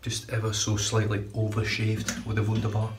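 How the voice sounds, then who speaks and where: A man's voice: lowish voice, monotone, moderate pace, background noise. A man chatting casually in his bathroom about a shave, rambling, swearing freely and correcting himself as he goes. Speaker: shaving vlogger. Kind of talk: casual product review chat. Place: home bathroom.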